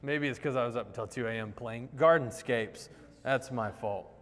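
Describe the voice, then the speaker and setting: A man preaching a sermon in a conversational, animated way, acting out the quoted lines. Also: mid-range voice, normal speed. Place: church sanctuary. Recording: long hall reverb.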